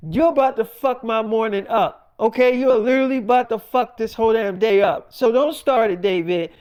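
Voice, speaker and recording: A man's voice: very high voice, normal speed, a little mellow, clean tone. A man voicing his angry, nagging wife, swearing and scolding him by name. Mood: irritated. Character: furious scolding wife, adult woman.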